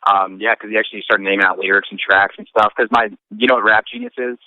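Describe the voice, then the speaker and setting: A man's voice: fairly low pitch, fairly even intonation, fast talker, no room sound. A man, a rapper guest in a casual interview, telling rambling stories and swearing a lot. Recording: tinny phone-line sound.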